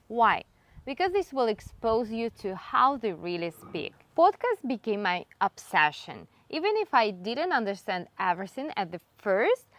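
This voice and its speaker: A woman whose first language is Spanish, giving a scripted English lesson with slow, emphatic demonstrations. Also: mid-range voice, dry recording. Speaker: English teacher.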